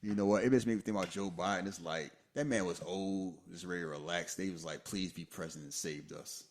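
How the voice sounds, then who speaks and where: A man co-hosting a podcast, chatting casually about a movie and jumping into high falsetto voices for its lines. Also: fairly quick. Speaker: podcast co-host. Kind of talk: casual movie commentary chat.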